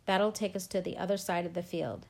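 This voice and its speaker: Brief: woman reading as a calm, easygoing boy leader, loud and steady, storybook reading. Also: lowish voice, a little fast, vocal fry. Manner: calm, laid-back, says dude. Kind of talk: audiobook reading.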